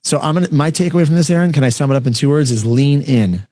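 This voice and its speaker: This podcast host's voice is a little high and warm, captured in studio quality with no room sound. He runs a relaxed panel conversation over video call, spinning stories quickly and enthusiastically.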